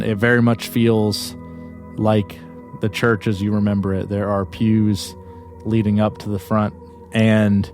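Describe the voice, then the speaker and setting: A man's voice: on the low side, darkish tone. A man narrating as game master in a tabletop game, describing scenes loosely with many restarts.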